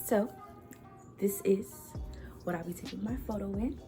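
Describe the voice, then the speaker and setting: A young woman vlogs from her bedroom at home, chatting casually to camera in a laid-back, slangy way. Her voice is mid-range and her pace moderate, with music playing in the background.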